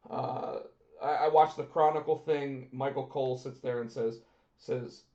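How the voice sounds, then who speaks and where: A man co-hosting a casual chat podcast, lively and animated, often acting out what others said in quick bursts. His voice sits in a middle range and sounds dull and lo-fi, recorded in a roomy, echoey space. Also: medium pitch. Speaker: podcast co-host.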